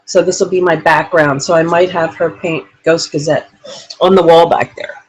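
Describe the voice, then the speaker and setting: A woman hosting a relaxed live paranormal chat from a room in her home, rambling and chatty. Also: lowish voice, normal speed, a little hiss or hum, low-quality recording. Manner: rambling, chatty, laughs often.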